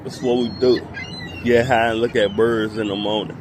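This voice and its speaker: A man's voice: on the low side, moderate pace, background noise. A man chatting casually in a vlog, narrating what birds around him are doing in comic asides. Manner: animated, voices the birds' thoughts in comic asides. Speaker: vlogger.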